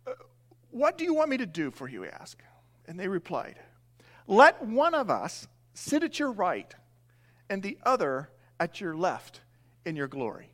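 Male pastor, middle-aged, high-pitched and animated, sermon with acted-out voices. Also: moderate pace. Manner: animated, acts out the disciples' voices.

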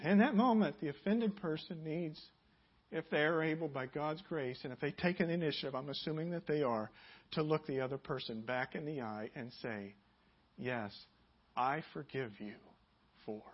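A man preaching a sermon as pastor, building to loud, emphatic passages and dropping to quiet prayer. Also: brisk, slightly rough, highs cut off. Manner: emphatic preaching, rising loud and high on key points.

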